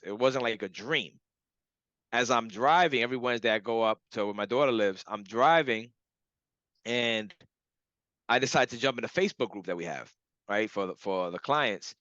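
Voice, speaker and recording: A young adult man, a hypnotherapist's client, tells a casual story with animated laughter, acting out quotes. His voice is medium-pitched, with no echo but lo-fi sound.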